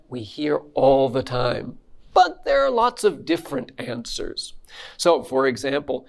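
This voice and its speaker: A man's voice: on the high side, slow, gravelly. A man giving a mock university lesson, acting out casual dialogues and having students repeat phrases. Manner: animated teacher, acts out sample dialogues, drills repetition. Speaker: university English lecturer. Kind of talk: mock lecture.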